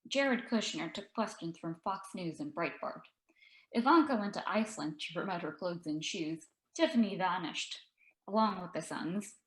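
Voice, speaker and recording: A woman author reading her own story aloud in an expressive, dry narrating voice. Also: fairly low pitch, normal speed. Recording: echoey room.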